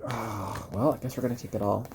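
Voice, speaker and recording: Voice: medium pitch, fairly even intonation, a little fast, a little mellow, slight background noise. A tarot reader from Dallas, Texas, giving a chatty, encouraging card reading to viewers and rambling with many fillers.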